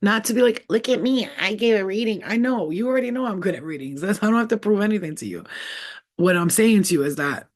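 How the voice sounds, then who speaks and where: A woman's voice: mid-range voice, sing-song, fast talker. Chatty slangy woman vlogging on a laptop. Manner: chatty, slangy, laughs often. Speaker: psychic medium. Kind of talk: casual vlog storytelling. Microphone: laptop built-in camera mic.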